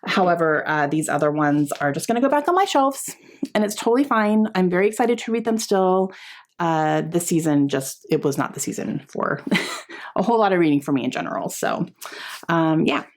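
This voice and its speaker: Chatty woman vlogger, lowish voice. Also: lively intonation, moderate pace. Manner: chatty, laughing often, many ums. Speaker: book vlogger. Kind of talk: casual chat to camera.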